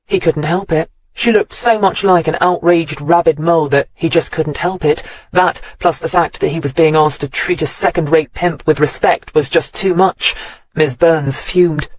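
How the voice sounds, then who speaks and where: A man's voice: a little high, fairly even intonation, normal speed, dry recording. Man narrating an audiobook, dry close mic.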